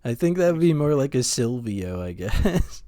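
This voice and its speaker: A man co-hosting a podcast in casual, joking chat, laid-back and quick to laugh. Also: mid-range voice, very animated, warm tone. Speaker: podcast co-host.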